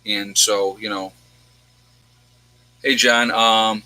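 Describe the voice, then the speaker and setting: Bright-voiced man telling a tearful story. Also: fairly low pitch, flat delivery, drawn-out words, no echo, poor audio. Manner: rambling, repeats himself, gets teary and laughs. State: emotional, near tears. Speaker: host. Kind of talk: emotional personal storytelling.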